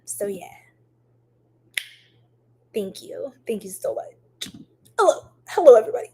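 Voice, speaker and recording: Slow chatty lady doing a tarot livestream, bit high voice, reads comments out loud. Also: very animated, slightly rough. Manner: chatty, affectionate, reads viewer comments aloud, laughs often. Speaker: tarot reader livestream host. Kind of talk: casual livestream chat and tarot reading.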